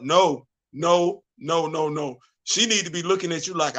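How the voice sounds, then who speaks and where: High-voiced man, stammering livestream host. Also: expressive, normal speed, pushed and bright. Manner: repetitive, stammering restarts, sings snatches of songs. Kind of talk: casual livestream commentary. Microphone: streaming setup.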